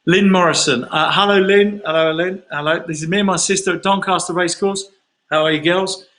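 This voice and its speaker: A man's voice: high voice, fairly even intonation, fairly quick, a bit bright, poor audio. A man from London, a singer chatting casually through fan questions on a livestream and telling rambling stories.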